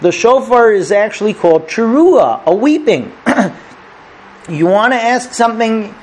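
A male rabbi with a high, expressive voice leads an unhurried, conversational lesson. He chats easily, checks in by asking "okay?" and "right?", and brings his stories to life by acting out the characters.

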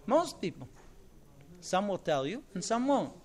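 A man's voice: high-pitched, big pitch swings, measured pace. A man, a rabbi, gives a sermon on marriage, talking emphatically with rhetorical questions.

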